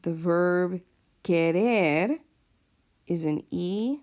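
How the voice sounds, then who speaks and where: A woman's voice: on the low side, vocal fry, darkish tone. A woman teacher explaining a lesson patiently, step by step, in a recorded classroom video. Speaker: Spanish teacher.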